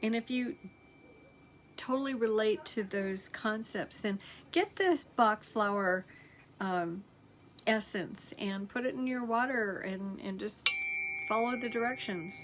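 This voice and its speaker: A woman teaching energy healing, slowly reading out affirmations in a gentle, unhurried way with many pauses. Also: medium pitch, noisy background. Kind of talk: slow guided healing affirmations.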